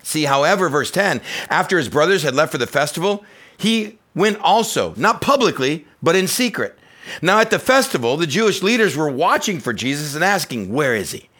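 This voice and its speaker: A man preaches a sermon in a relaxed, conversational way, his pitch rising and falling widely as he drives his points home. He slips into quoted voices to act out little scenes. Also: normal speed. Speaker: pastor.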